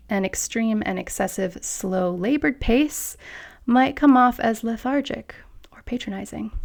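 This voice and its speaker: A woman hosting a solo podcast, coaching listeners directly on confident speaking with lively, playful asides. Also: a little high, vocal fry. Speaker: podcast host. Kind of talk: scripted solo podcast talk.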